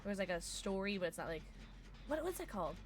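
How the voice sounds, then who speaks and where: A woman streaming a game and chatting casually with her viewers, playful and excitable. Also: mid-range voice, quick pace. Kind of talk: casual gameplay streaming, reading chat.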